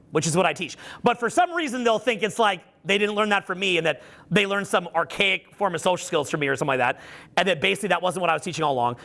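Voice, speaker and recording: Middle-aged male coach addressing a live audience, high bright voice, swears a lot and acts out the quotes. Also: fast, gravelly. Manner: animated, profane storytelling with acted-out quotes. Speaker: social skills coach. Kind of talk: live seminar talk.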